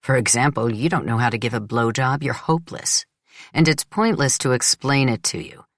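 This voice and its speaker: Give me a woman doing a contemptuous young man for an audiobook, sneering and low-voiced. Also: moderate pace, no echo, studio quality. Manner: sneering, emphatic. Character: crude, contemptuous young man, cruel and boastful.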